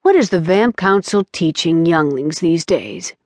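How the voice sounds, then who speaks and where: Woman voicing a gruff male incubus. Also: on the low side, expressive, a little slow, a little mellow, dry recording. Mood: menacing. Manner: rough, growling, curt. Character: brooding male incubus demon hunter, ruthless.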